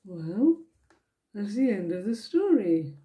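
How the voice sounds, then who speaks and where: A woman reading a children's picture book aloud to her grandchildren, slowly and gently, giving the characters voices. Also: mid-range voice, very animated, lo-fi sound. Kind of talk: storybook read-aloud.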